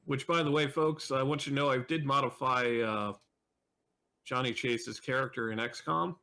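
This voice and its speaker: A man's voice: medium pitch, steady tone, normal speed, sharp tone. A man co-hosting a podcast, joking around and speaking to listeners as "folks". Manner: joking, talks to the audience as "folks". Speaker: podcast co-host. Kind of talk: casual chat.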